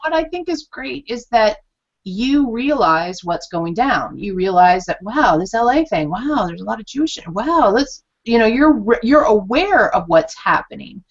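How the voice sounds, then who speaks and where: Woman, casual live chat, expressive, acts out quotes, muffled lo-fi sound. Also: a little high, measured pace. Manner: animated, acts out quoted reactions, laughs often. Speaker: channeler and host. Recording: dull lo-fi sound.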